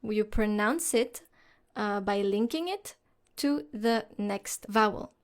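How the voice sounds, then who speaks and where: A woman teaching French pronunciation, explaining slowly and carefully and modelling words for the listener to repeat. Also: medium pitch. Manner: slow and deliberate, models words for repetition. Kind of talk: slow instructional explanation.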